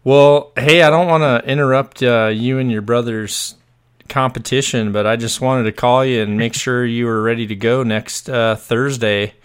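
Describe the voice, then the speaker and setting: Man, podcast host, casual upbeat chat, smooth clear voice. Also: mid-range voice, steady tone, normal speed. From born on an army base in the US. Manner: upbeat, laughs easily.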